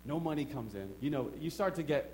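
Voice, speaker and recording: A man's voice: fairly high pitch, brisk, slight background noise. Emphatic storytelling preacher man. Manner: storytelling, emphatic, swings from quiet asides to excited outbursts. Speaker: pastor. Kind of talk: sermon.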